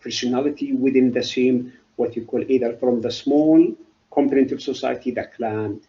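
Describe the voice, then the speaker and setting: A middle-aged man giving a university literature lecture, halting and often asking then answering his own questions. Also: mid-range voice, fairly even intonation, dark tone, muffled recording. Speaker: literature professor.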